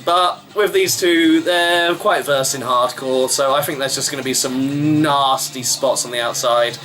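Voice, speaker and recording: A man's voice: medium pitch, unhurried, bright, forceful tone, soft background music, low-quality recording. A man giving a chatty, wry running review of a wrestling show, rambling with fillers. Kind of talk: casual vlog review.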